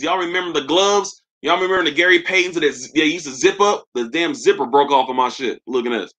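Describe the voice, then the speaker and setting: The audio is muffled as a young man with a mid-range, fairly bright voice hosts a live sneaker stream. He chats loosely through viewer comments, roasting people with slangy humor.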